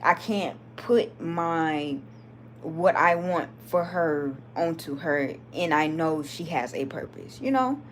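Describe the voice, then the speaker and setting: A woman's voice: low voice, slow, a little hiss or hum. A woman from Georgia with a Southern accent, chatting casually and reading comments during a late-night live video. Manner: chatty, lively, laughs often.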